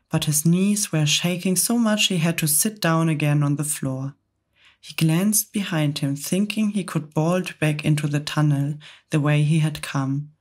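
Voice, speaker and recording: A woman reading a children's book aloud in whispered role-play, soft and measured ASMR storytelling. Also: low voice. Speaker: storybook reader.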